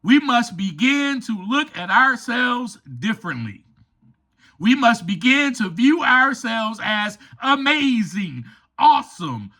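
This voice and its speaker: A man's voice: very high-pitched, big pitch swings, takes it slowly, sharp tone. A man hosting a motivational podcast, speaking emphatically and enthusiastically and addressing listeners as friends. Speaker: podcast host and author.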